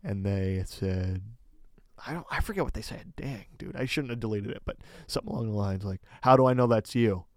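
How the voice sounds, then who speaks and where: A man co-hosting a podcast, telling a story in a casual, animated way with lots of filler words. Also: on the low side, a little fast, no room sound. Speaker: podcast co-host.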